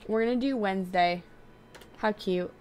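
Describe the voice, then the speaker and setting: Excitable young woman narrating gameplay. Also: mid-range voice, clean tone. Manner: chatty and excitable, quick to get frustrated. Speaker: video game streamer. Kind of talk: casual gameplay commentary.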